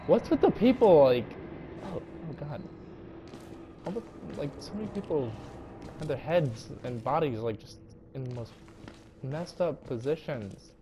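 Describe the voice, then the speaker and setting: A man's voice: a little high, background noise. Jumpy young man in horror game commentary. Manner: jumpy, panicky, swearing, lots of "no, no, no". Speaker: let's play gamer.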